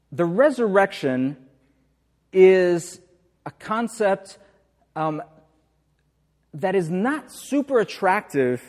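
A man preaching a relaxed, conversational sermon in a church, full of fillers and rhetorical questions. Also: fairly high pitch, big-room sound. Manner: chatty, uses hesitant fillers and rhetorical questions. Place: church sanctuary.

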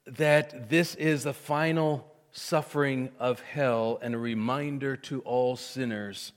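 A man preaching a sermon, swinging from hushed, intimate lines to loud, emphatic cries. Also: medium pitch. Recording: long hall reverb.

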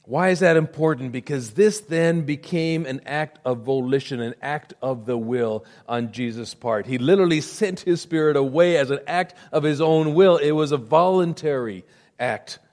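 A man's voice: on the high side, normal speed. Emphatic male pastor preaching. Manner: emphatic preaching, swells loud then drops to a hush. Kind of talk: sermon.

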